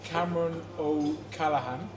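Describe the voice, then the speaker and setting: A man's voice: a little high, steady tone, unhurried, slight background noise. A man co-hosting a podcast in casual chat, playful and self-mocking, laughing often. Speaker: podcast co-host. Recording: echoey room with crowd chatter.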